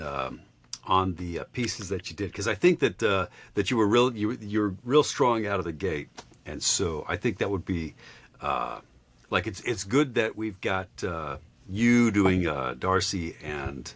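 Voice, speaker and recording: A man mentoring a voice actor, speaking in a halting way with frequent pauses and filler sounds. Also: deep voice, expressive, a bit bright. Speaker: voice acting mentor. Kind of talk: casual feedback session.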